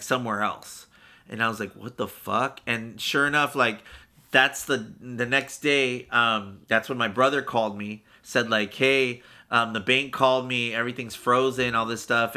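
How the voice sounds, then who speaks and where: A man's voice: mid-range voice, sharp tone. A man co-hosting a casual podcast, telling a personal story in a rambling, candid way with fillers and swearing, acting out what other people said. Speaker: podcast co-host.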